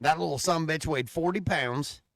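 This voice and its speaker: A man co-hosting a casual podcast, telling long, profane, animated stories about his dog. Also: fairly high pitch, normal speed, vocal fry, dry recording. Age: adult father. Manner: profane, animated rambling storyteller. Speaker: podcast co-host. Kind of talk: casual chat, storytelling.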